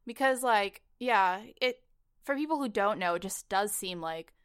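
A woman co-hosting a casual podcast, animated and fond of acting out lines while describing a film scene. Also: medium pitch, a little slow, clean tone, no room sound, clean studio sound. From not from Los Angeles. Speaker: podcast co-host.

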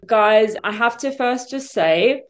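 A woman's voice: fairly high pitch, lively intonation, slow, loud music behind the voice. A woman from South Africa hosting a podcast interview, gushing and effusive, teary-eyed, with many fillers. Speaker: podcast host.

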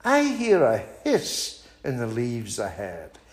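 An older man with a Scottish accent voicing a big, gullible male monster in a low, drawn-out voice. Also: wildly swooping pitch, roomy sound, a little hiss or hum. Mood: gruff.

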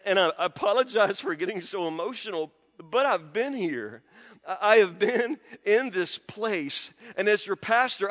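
A man preaching a sermon as a pastor, emotional and halting, stammering through restarts and dropping from loud appeals to hushed confessions. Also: high-pitched, big-room sound.

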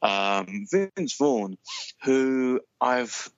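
A man's voice: mid-range voice, extremely slow, dull audio. A man co-hosting a podcast in casual chat, enthusiastic and rambling, with lots of fillers. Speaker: podcast co-host.

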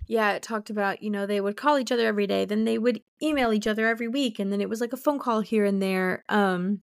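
A woman's voice: medium pitch, fast talker, creaky, no echo. Gushing young woman podcast co-host, dry sound. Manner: emotional, gushing, rambling. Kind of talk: casual book chat.

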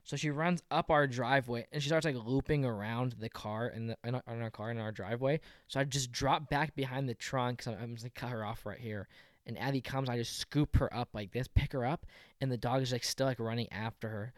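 A man's voice: mid-range voice, steady tone, a little fast, no room sound, clean studio sound. A young man telling a story in casual chat, rambling, swearing a lot and filling every phrase with "like".

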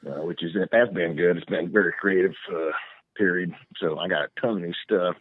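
A male musician calling in to a radio show, easygoing and halting, with lots of fillers. His voice sits mid-range and comes through a dull, muffled line. The sound is dry, with no room around it. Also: deep voice, dry recording. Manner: laid-back, halting, full of fillers. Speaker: musician guest. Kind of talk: casual phone-in chat.

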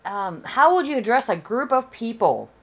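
A woman's voice: a little high, sing-song, normal speed, highs cut off. Woman reading quiz questions aloud. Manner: reads quiz questions, brief replies. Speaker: podcast co-host. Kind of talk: casual chat.

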